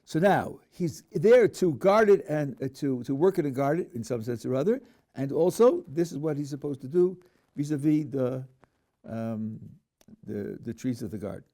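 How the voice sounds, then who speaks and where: A man's voice: mid-range voice, expressive, normal speed, mellow. A man, a rabbi, teaching a text class, reading verses aloud and then questioning them with dry humor. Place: yeshiva classroom.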